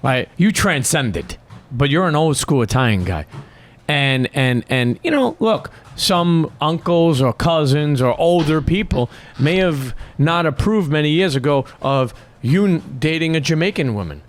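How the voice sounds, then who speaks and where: A man's voice: on the high side, big pitch swings, measured pace. A man hosting an interview, earnest and supportive, cutting in with repeated calls to listen. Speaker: podcast host. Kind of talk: casual interview talk.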